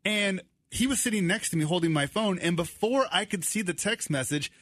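A man in his thirties, co-hosting a casual chat, animated and laughing often. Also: high-pitched, brisk, no room sound, studio quality. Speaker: co-host.

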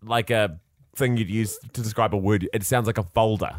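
A man's voice: on the low side, steady tone, normal speed, no echo, clean studio sound. A man co-hosting a podcast in casual banter, joking and laughing often. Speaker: podcast co-host.

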